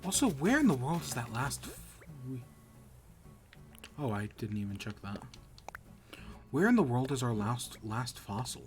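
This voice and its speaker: A man's voice: medium pitch, big pitch swings, measured pace, long pauses, faint music behind. A man streaming a video game, chatting casually in rambling, self-correcting bursts. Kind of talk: casual gameplay commentary.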